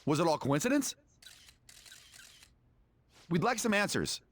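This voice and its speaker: A pushy, high-voiced reporter. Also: male voice, big pitch swings, a little slow. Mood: pressing. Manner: pressing, interrogating. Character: pushy male reporter questioning a CEO.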